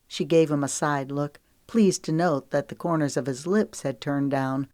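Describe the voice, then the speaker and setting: A woman narrating an audiobook romance in a measured, even storytelling manner, recorded dry and close. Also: sits low, no echo.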